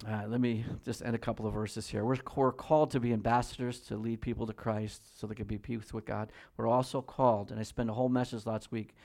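A man preaching a sermon as pastor in a church, swinging between loud pleading and hushed prayer. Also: on the low side, level tone, brisk, hardly any pauses.

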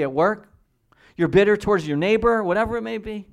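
Male pastor preaching with rising fervor. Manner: swings from slow, quiet emphasis to loud, raised-pitch exhortation; reads scripture slowly and deliberately. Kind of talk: sermon.

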